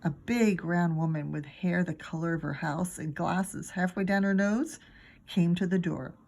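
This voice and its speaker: Woman teacher, storybook read-aloud, low gravelly husky voice, lively. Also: a little slow. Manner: expressive, acts out each character. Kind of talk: reading a children's book aloud.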